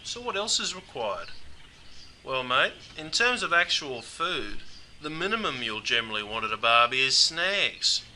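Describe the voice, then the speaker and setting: A man's voice: medium pitch, big pitch swings, normal speed, bright, forceful tone, slight background noise. A man with an Australian accent, presenting a scripted comedic explainer in a dry, matey way. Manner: dry, matey, says mate constantly.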